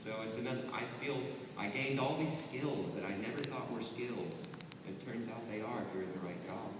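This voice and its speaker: Man, voice actor, panel Q&A, animated, reverberant hall, noisy backdrop. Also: on the low side. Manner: playful, animated, slips into quick impressions. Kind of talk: answering audience questions at a convention panel. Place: large convention hall. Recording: echoey hall, distant mic, background noise.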